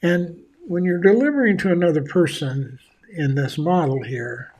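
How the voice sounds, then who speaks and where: A man's voice: fairly high pitch, normal speed, a little mellow. A man giving a conversational leadership seminar in a folksy manner, acting out the voices of the people he quotes. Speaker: leadership speaker.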